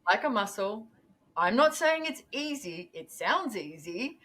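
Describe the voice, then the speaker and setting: A woman talking as a podcast guest in a casual, animated way, acting out her own thoughts as she goes. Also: on the high side, measured pace. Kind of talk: casual conversational interview.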